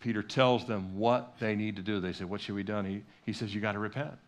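A man's voice: lowish voice, steady tone, brisk. A middle-aged male pastor preaching a sermon in a church, talking conversationally with repetition and acted-out quotes. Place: church sanctuary.

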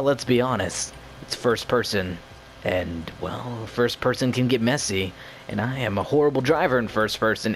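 A young man with a mid-range voice talks over his game footage with playful, jumpy energy, often poking fun at himself. Faint ambient noise sits under his voice. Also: mid-range voice. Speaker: gaming YouTuber. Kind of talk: casual gameplay commentary.

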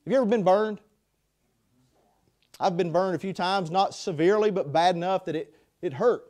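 High-voiced man preaching passionately. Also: moderate pace. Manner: impassioned preaching with swings from loud to hushed. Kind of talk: sermon. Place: chapel.

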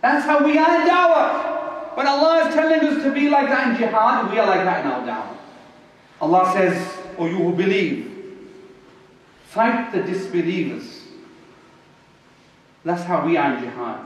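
A man giving a Friday sermon as preacher, impassioned, slowing words for emphasis and reciting verses quickly. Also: sits high. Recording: echoey hall from far off.

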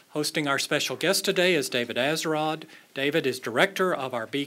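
A man's voice: mid-range voice, sharp tone. A man opening a lecture event, reading a formal introduction of the next speaker with small stumbles. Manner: reading a bio, slight stumbles. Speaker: event host for an institution. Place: lecture hall.

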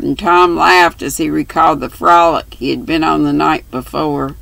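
An older woman reading a classic novel aloud in an unhurried, homespun way, sometimes stumbling and rereading. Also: sits low, fairly even intonation, gravelly, fairly bright tone, no echo, poor audio. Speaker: storybook reader.

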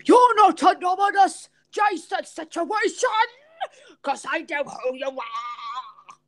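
Brief: woman putting on a brash mock-Irish man, shouting high and stretched out. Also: takes it slowly, exaggerated voice. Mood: rowdy.

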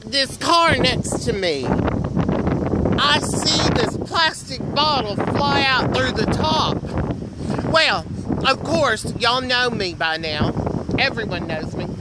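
A man tells a rambling story to a phone camera outdoors at a filling station, chatty and theatrical. He is cold and keeps clearing a frog in his throat. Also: very high-pitched, animated, slow pace. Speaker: vlogger telling a story. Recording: loud wind noise on an outdoor mic.

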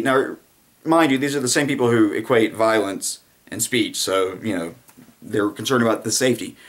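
A man giving a casual, sarcastic political commentary monologue, rambling with frequent fillers. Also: medium pitch.

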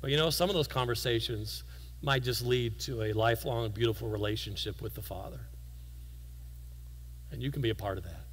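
A man giving a guest sermon in a church, telling stories in a relaxed, conversational way with self-deprecating humor. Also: mid-range voice, brisk, pauses often, in a large hall, a little hiss or hum, low-quality recording. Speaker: guest preacher. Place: church sanctuary.

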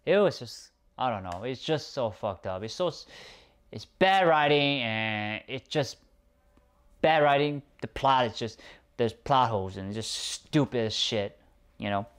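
A man's voice: mid-range voice, expressive, unhurried, fairly bright tone, clear, resonant tone. A man giving a casual, ranting film review, exasperated and profane, often repeating himself. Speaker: movie reviewer.

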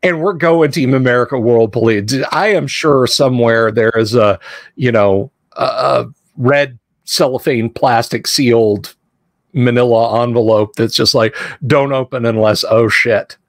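A man hosting a casual podcast chat about movies, rambling and animated with quick asides. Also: medium pitch, no echo, clean studio sound. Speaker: podcast host.

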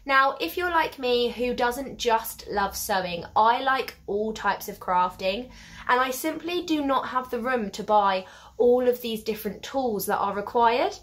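A young woman chatting through a craft unboxing vlog, a little stuffy and hoarse from a cold, effusive and quick to apologise. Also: fairly high pitch, expressive. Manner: warm, effusive, apologetic asides. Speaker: craft vlogger.

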